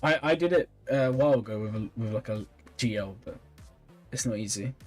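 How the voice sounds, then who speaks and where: A man's voice: medium pitch, brisk, faint music behind. Tired, chatty male streamer. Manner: relaxed, chatty, reads and answers chat comments with small laughs. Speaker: streamer reviewing viewers' game accounts. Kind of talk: casual live-stream chat.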